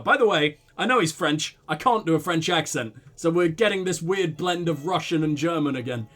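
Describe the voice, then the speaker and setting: A man's voice: fairly high pitch, normal speed, hardly any pauses, fairly bright tone. A man hosting a let's play, sick with a cough, reading the narration and making casual, self-deprecating asides. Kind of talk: casual game commentary and narration.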